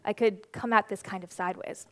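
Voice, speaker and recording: A woman's voice: medium pitch, no echo. Young woman telling a story on stage. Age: 20s. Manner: lively, animated storytelling with quick laughs. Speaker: conference speaker. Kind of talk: storytelling conference talk. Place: stage at a conference.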